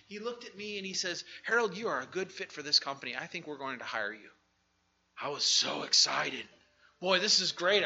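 A middle-aged man preaching a sermon with a personal testimony, swinging from hushed asides to shouted exclamations. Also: on the high side, roomy sound, highs cut off, slight background noise.

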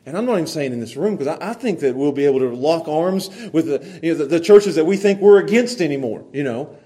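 A man preaching a folksy sermon to a small church congregation, swinging from hushed earnest passages to loud, excited storytelling. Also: a little high, quick pace. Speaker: pastor. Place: small church, evening service.

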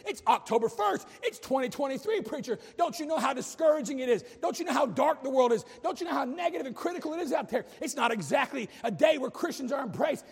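A man's voice: extremely high pitch, sing-song, quick pace, creaky, hardly any pauses, husky, long reverb tail. A man preaching a sermon as a pastor, impassioned, with humorous asides.

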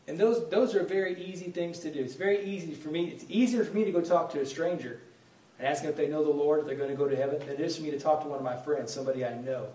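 A man's voice: a little high, warm tone. A middle-aged man preaching a sermon, earnest and conversational, repeating key phrases for emphasis. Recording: echoey room, voice from far off.

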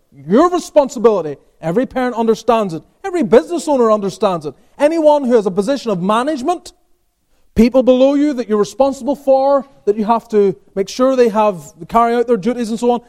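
With an extremely high-pitched voice, a male pastor works through a sermon by posing rhetorical questions and then answering them. He moves from emphatic peaks down to quiet asides.

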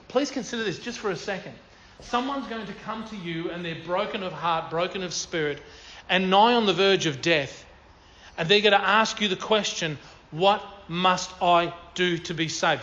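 Male preacher, earnest and emphatic, reads scripture, slightly high voice, dull recording. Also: fairly bright tone, slight background noise. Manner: earnest, emphatic, repeats key phrases. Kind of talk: sermon with scripture reading.

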